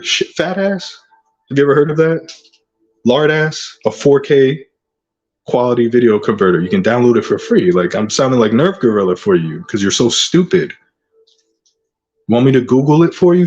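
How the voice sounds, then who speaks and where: A man's voice: mid-range voice, darkish tone, highs cut off. A man hosting his own channel, delivering an aggressive, profane rant full of taunting insults. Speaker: channel host. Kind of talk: ranting vlog monologue.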